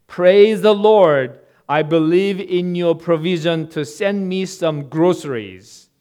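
A male pastor voicing a bold, devout woman in a sermon joke, shouting her words loudly and slowly. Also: a little high, close to an everyday voice. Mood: pleading praise. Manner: loud, drawn-out exclamations.

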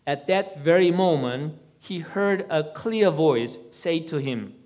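A man giving a sermon-style teaching in a measured, deliberate way. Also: on the high side, animated, a little mellow.

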